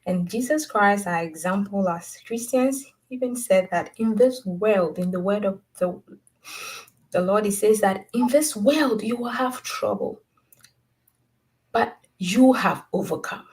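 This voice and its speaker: A woman guest speaking in a measured, unhurried way, giving faith-based encouragement. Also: mid-range voice, darkish tone, low-quality recording. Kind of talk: inspirational faith-based talk.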